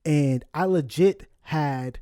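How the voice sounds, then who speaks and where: A young man tells a story on a casual podcast, his voice pitched high and his delivery animated and profane. He laughs as he goes. The sound is close and dry. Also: slow pace, no room sound. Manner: animated, profane, laughs while telling stories. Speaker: podcast co-host.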